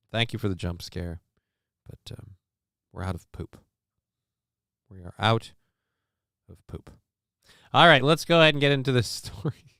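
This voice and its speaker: A man's voice: a little high, sing-song, normal speed, long pauses, pushed and bright, clear, resonant tone, dry recording, clean studio sound. A man hosting a casual livestream, joking loosely and with profanity while reading out viewer comments. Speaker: livestream show host.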